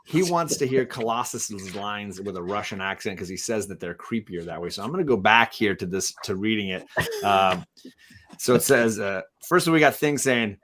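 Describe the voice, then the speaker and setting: A man's voice: lowish voice, lively intonation, moderate pace, fairly bright tone, slight background noise. Brief: male podcast host, casual, jokey comic book talk. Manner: laughs often, joking.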